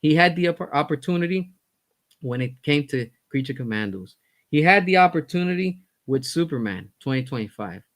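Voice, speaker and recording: A man with a somewhat high voice delivers a heated, blunt rant. He swears freely and repeats phrases to drive his point home. His fed-up tone stays intense throughout. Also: expressive, brisk. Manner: fired-up, blunt, swearing, repeats himself for emphasis. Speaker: commentary host.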